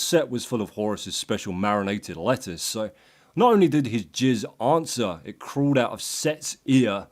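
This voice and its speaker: A man narrating a myth as a crude, sardonic comic story. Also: on the low side. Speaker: host.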